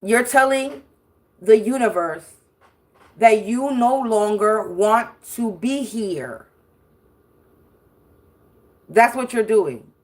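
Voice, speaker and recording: A woman with a fairly high voice rants on her livestream, swearing often and circling back to the same phrases. She sounds confrontational and fired up, and laughs now and then mid-sentence. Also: lively intonation, very slow, pauses often. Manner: profane, confrontational, repetitive. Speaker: spiritual livestream host. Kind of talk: ranting livestream monologue.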